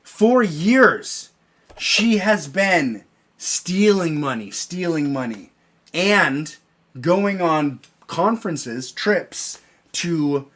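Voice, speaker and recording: A man's voice: on the high side, lively intonation, very slow, a bit bright. A man co-hosting a podcast, bantering crudely and joking while reading out news stories. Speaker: podcast co-host.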